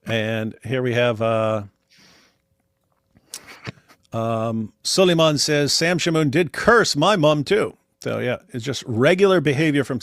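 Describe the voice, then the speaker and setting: A man's voice: mid-range voice, expressive, unhurried, a bit bright, no room sound, clean studio sound. A man hosting a livestream, talking in casual commentary, emphatic and repeating words as he keeps addressing his audience. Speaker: livestream host.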